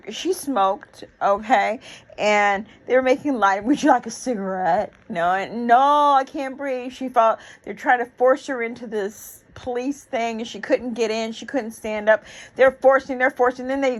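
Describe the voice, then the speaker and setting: A woman's voice: sits high, rough recording. A woman in her sixties giving an emotional, rambling reaction commentary, with many fillers and restarts. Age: 60s. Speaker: YouTube commentator.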